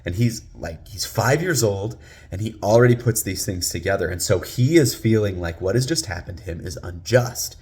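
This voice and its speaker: A man in his thirties, a father, telling a personal story in a lively way that rises loud and sinks to a hush. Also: normal speed. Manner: lively, climbs loud on exciting beats and drops low and hushed at tense moments.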